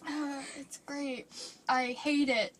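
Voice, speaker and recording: A woman's voice: high-pitched, steady tone, slow pace, crowd noise. A young woman, a college student, co-hosting a podcast in casual chat, rambling and giggly with many "like"s and "um"s. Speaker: podcast co-host.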